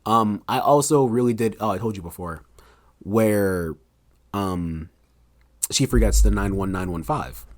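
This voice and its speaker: Young guy chatting on a podcast, excited storyteller, dry close sound. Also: on the low side, measured pace, no room sound. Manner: animated storyteller, acts out scenes with quoted voices. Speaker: author guest. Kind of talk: casual podcast chat.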